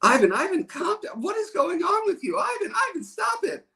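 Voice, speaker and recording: A man voicing a flustered female schoolteacher who pleads with and scolds a child in a shrill voice. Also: big pitch swings, brisk, sharp tone, full character voice. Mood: alarmed.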